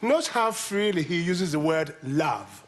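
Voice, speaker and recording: A man's voice: a little high, very animated, measured pace. An actor playing a wordy, pedantic man. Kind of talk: sitcom acting.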